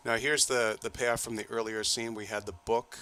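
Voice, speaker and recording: A man's voice: medium pitch, little pitch movement, moderate pace, sharp tone, clean tone. A man with a Boston accent interviewing a director over trailer footage, chatty and friendly as he prompts questions.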